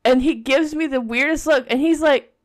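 At a normal speed and in a high-pitched voice, a thirtysomething woman chats casually alone on the podcast she hosts. Her talk rambles, with frequent restarts and plenty of fillers.

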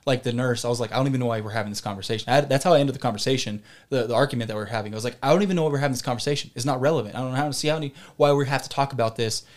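A man's voice: mid-range voice, rapid-fire, few pauses. A man co-hosting a podcast, telling a long story in casual chat, rambling and digressive, with some swearing. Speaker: podcast co-host.

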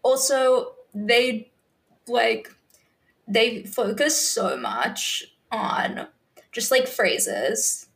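A woman's voice: on the high side, expressive, extremely slow, vocal fry. A young woman co-hosting a podcast in casual chat, blunt, swearing and backing her friend up. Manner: blunt, frequent agreeing backchannels, swearing. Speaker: podcast co-host.

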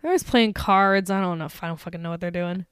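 A woman co-hosting a horror movie podcast, retelling scenes in animated, sweary casual chat. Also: on the low side, fast talker, smooth, no room sound. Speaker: podcast co-host.

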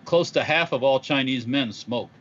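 A man's voice: mid-range voice, moderate pace, highs cut off. A man co-hosting a live podcast, chatting casually and cracking jokes as he rambles. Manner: rambling, wisecracking. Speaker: podcast co-host. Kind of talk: casual live-stream chat.

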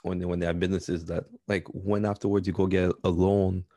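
A man's voice: sits low, little pitch movement, a little fast, dark tone, dry recording. A young man co-hosting a podcast in casual chat, telling rambling jokes. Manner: joking, rambling storyteller. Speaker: podcast co-host.

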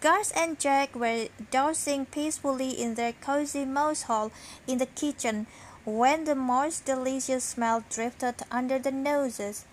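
A woman reading children's stories aloud in a slow, sleepy way. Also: sits high, a little hiss or hum, poor audio. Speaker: storybook reader.

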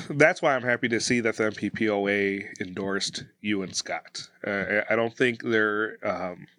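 A man's voice: lowish voice, measured pace, pushed and bright, no room sound. A man co-hosting a podcast, speaking hesitantly with many fillers. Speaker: podcast co-host, police officer. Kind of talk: casual podcast conversation.

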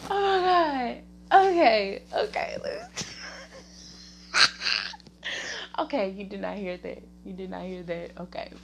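A Southern woman chats on her own podcast at an unhurried pace. She rambles from thought to thought, laughs easily and sends shout-outs to family. Her voice has a gravelly fry over a faint background hiss. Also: mid-range voice, big pitch swings. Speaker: podcast host. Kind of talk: casual solo podcast chat.

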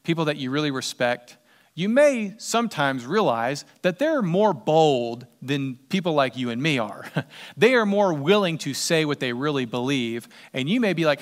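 A middle-aged man preaching a sermon as pastor, animated and acting out quoted voices with sudden loud jumps. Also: fairly high pitch, moderate pace.

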